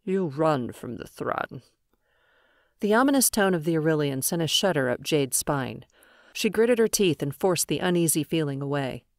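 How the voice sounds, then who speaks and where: A woman narrating a science fiction audiobook in a steady, even storytelling way. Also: low-pitched, a little fast, dry recording, studio quality. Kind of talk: scripted narration.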